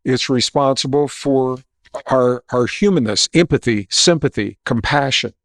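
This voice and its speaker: A man guesting on an interview talks with confident, explanatory energy, shifting between storytelling and lecturing. His voice sits at a middle pitch, and the sound is dry. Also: a little slow, fairly bright tone, dry recording. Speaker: guest author.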